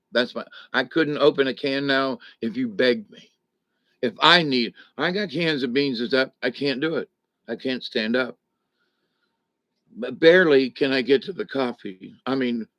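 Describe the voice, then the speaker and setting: A man's voice: mid-range voice, a bit bright, no echo. Folksy man rambling to viewers. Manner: rambling, folksy, chuckles between thoughts. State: recovering from back surgery, at home. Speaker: vlogger talking to viewers. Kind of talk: casual live chat to viewers. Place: home, indoors.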